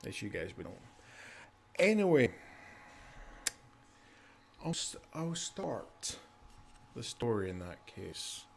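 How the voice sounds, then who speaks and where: A man running a tabletop game as game master, narrating in a relaxed, halting way. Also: medium pitch, creaky, a little hiss or hum.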